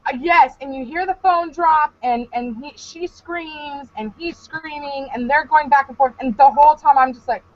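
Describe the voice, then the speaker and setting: Speaking high and at a moderate pace with hardly any pauses, a young female podcast co-host tells a story. Her casual comedic delivery is loose, animated, and profane, punctuated by frequent laughter. Audio is dull and lo-fi.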